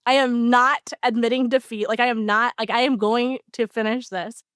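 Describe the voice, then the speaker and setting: A woman co-hosting a podcast, telling an animated story in casual chat with lots of "like" fillers. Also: fairly high pitch, normal speed, clean tone, dry recording, studio quality. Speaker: podcast co-host.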